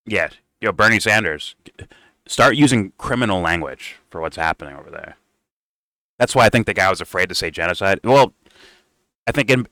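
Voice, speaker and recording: A man's voice: lowish voice, sharp tone, dry recording. A man hosting a casual reaction commentary, heated, sarcastic and profane. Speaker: political commentator.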